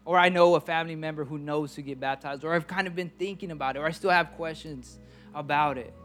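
A man's voice: a little high, fairly even intonation, quick pace, fairly bright tone, soft background music. A young adult man preaching a conversational sermon as pastor, often stammering and repeating words as he talks.

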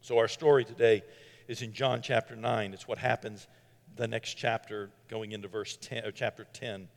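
A man preaching a sermon in an animated way, with sarcastic asides, swinging from loud to hushed. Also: on the low side, normal speed, creaky, big-room sound.

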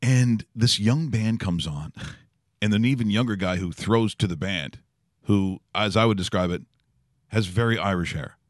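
A man's voice: lowish voice, moderate pace, no echo. A man hosting a sports talk show in a studio, chatting casually with fillers and restarts. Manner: rambling, many fillers and restarts, laughs easily.

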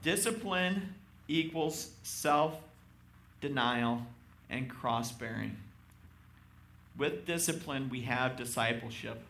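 A man's voice: medium pitch, gravelly, bright, forceful tone. A man preaching a sermon as pastor, reading scripture aloud and calling out to his congregation in an emphatic manner. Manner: emphatic, addresses congregation directly.

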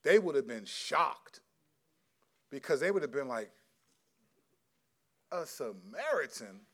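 A man's voice: mid-range voice, big pitch swings, slow, a bit bright. A middle-aged man preaching as a pastor, earnest and conversational, answering a question from the congregation. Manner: earnest, conversational, acts out quotes. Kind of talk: sermon with audience Q&A.

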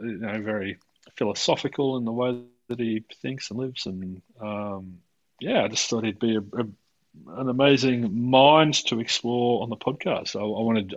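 Rambling podcast host, dull audio. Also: male voice, medium pitch, unhurried. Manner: rambling, many restarts and fillers. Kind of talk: casual conversation. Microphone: video call.

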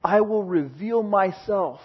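Male preacher, higher pitch, husky, sermon delivery swinging from booming to hushed, dull lo-fi sound. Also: takes it slowly. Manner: reads scripture aloud with dramatic swings from booming to hushed.

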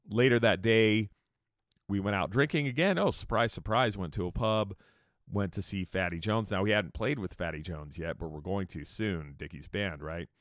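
A Californian man with a low voice rambles through casual, profane stories from touring, tossing in joking asides. It's a storytelling monologue recorded dry with clean studio sound.

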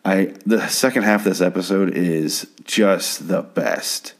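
A man's voice: low-pitched, measured pace. A man casually recapping a TV episode at home, rambling and stammering with plenty of swearing. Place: home at night.

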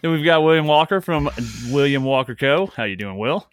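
A man chatting casually as a podcast guest, relaxed and rambling with lots of fillers. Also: on the high side, fairly quick, clear, resonant tone, no echo, clean studio sound. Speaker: podcast guest and former host.

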